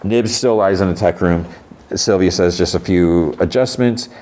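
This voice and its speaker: A man's voice: sits low, moderate pace, a little mellow. A man hosting a podcast, casually recapping a TV episode and retelling scenes with characters' lines. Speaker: podcast host.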